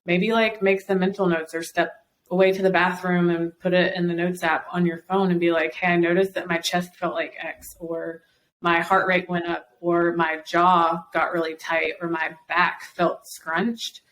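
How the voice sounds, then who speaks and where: A woman's voice: on the low side, little pitch movement, moderate pace, fairly bright tone, slight background noise, low-quality recording. A woman guest on a podcast, encouraging and explaining at length with frequent fillers. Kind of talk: casual podcast conversation.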